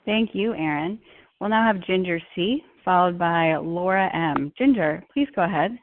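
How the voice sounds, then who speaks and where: A woman chairing a meeting, calling on speakers in a brisk, procedural way over a video call. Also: on the low side. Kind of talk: brief meeting facilitation. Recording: tinny phone-like call audio.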